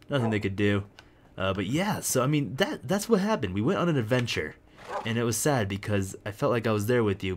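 A young man casually commenting on his own gameplay as a video host, rambling and excitable with lots of jokes. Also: lowish voice, a little hiss or hum. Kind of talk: casual let's-play commentary.

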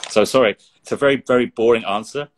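A man's voice: mid-range voice, quick pace, a little hiss or hum. A middle-aged man from England speaking as an interview guest, earnest and reflective, often repeating words as he searches for them. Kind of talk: interview conversation.

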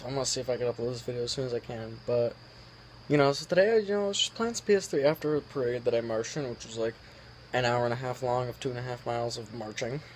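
A man's voice: medium pitch, quick pace, slight background noise. A teenage boy ranting casually to camera, irritated, swearing and rambling with lots of fillers. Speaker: vlogger.

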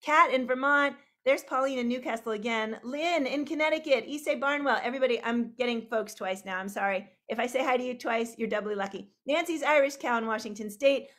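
Woman host, high voice, bubbly, rambling, laughing, video call. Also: a little fast, few pauses, a bit bright. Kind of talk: greeting online viewers by name.

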